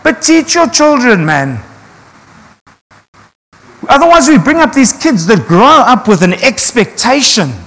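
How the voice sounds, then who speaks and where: A man's voice: extremely high pitch, very animated, a little slow, pauses often, fairly bright tone, in a large hall. A man, preaching earnestly to his congregation and asking rhetorical questions. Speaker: pastor. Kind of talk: sermon.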